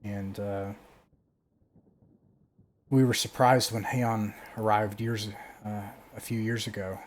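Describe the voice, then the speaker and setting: A man narrating as game master, halting, with many fillers and restarts. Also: fairly low pitch, level tone, slight background noise.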